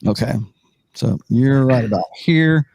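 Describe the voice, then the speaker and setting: A man running a tabletop role-playing game as game master, setting scenes in slow descriptive narration. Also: mid-range voice, vocal fry, a little mellow, no echo.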